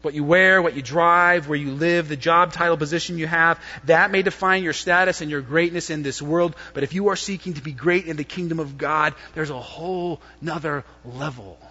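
Male pastor with a high voice and a dramatic sermon delivery that swings from loud to hushed, recorded lo-fi in a long-reverb church hall. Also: normal speed, hardly any pauses, breathy edge.

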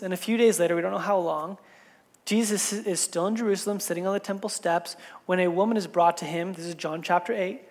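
A woman pastor giving a sermon, telling the story in a relaxed, conversational way with casual asides. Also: on the low side. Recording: long reverb in a large hall.

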